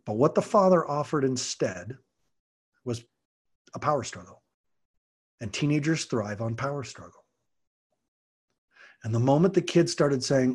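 A man's voice: medium pitch, lively intonation, unhurried, darkish tone. A middle-aged man hosting a podcast monologue, giving earnest parenting advice and acting out quotes from kids and parents. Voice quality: husky. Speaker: podcast host, parenting coach and martial arts teacher.

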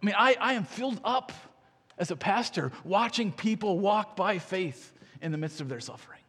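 A man's voice: high voice, expressive, normal speed, a bit bright, breathy edge, big-room sound. A man preaching a sermon as pastor, conversational and earnest, often checking in with "right?" and restarting his phrases.

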